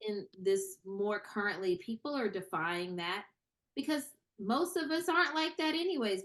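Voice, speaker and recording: A young woman, a screenwriter and actor, talking in a casual interview, animated and full of fillers and restarts. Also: medium pitch. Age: young adult. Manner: animated, many fillers and repeated starts.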